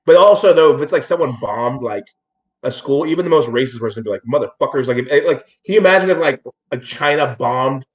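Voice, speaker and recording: A man talks quickly and loosely in casual chat. He swears freely, laughs often and keeps rambling from one point to the next. His pitch sits in the middle range. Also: animated.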